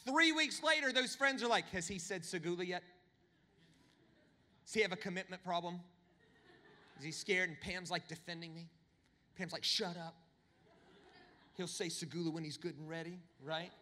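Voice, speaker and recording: A man preaching a sermon, telling humorous stories with animated, swinging delivery. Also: long reverb tail. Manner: animated, humorous storytelling with big pitch swings. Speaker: pastor.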